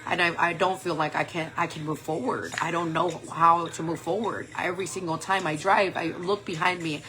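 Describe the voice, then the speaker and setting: A woman's voice: on the low side, fairly even intonation, normal speed, background noise. A woman in her forties telling a personal story in a candid, rambling way, full of "like" and "um". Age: 40s. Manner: rambling, candid, heavy use of "like" and "um". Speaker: makeup vlogger.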